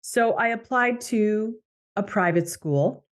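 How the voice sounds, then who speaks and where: A woman's voice: medium pitch, slow pace. A middle-aged Canadian woman hosting a podcast, telling a personal story in a conversational way and quoting other people. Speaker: podcast host, coach. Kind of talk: podcast monologue.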